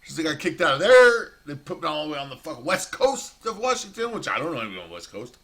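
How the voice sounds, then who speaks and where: A man's voice: on the high side, very animated, quick pace, fairly bright tone. A man telling a rambling, profane prison story in a casual monologue.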